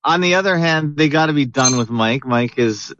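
A man's voice: medium pitch, moderate pace, a bit bright. A man hosting a heated podcast chat, arguing back and dismissing others' points. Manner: argumentative, interrupting, dismissive. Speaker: podcast host. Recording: dull lo-fi audio with faint hiss.

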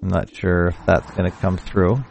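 A podcast host runs a casual solo live stream, rambling conversationally and often correcting himself partway through sentences. His voice is low, creaky and a little mellow, with a level tone and moderate pace. He's on a mic fed through a hardware audio box, and there's a faint hiss or hum.

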